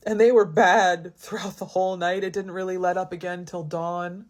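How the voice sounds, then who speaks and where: A woman's voice: fairly low pitch, flat delivery, normal speed. A woman in her thirties telling a personal story in a rambling, confiding way, with many restarts. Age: 30s. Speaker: vlogger. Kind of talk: casual storytime.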